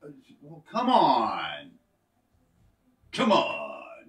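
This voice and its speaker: A man co-hosts a live chat, joking and teasing with a lively, swooping voice. He sits back from the mic in an echoey room at home, so his voice sounds a little distant. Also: mid-range voice, drawn-out words, gravelly, long pauses. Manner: joking, playful, self-mocking. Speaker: co-host of a live show. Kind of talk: casual live-stream chat.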